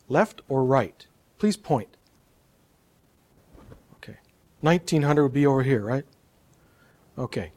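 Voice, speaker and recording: Male presenter, slightly high voice, demonstrative, quizzes the room. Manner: lively, demonstrative, quizzes the audience. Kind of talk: live talk on public speaking.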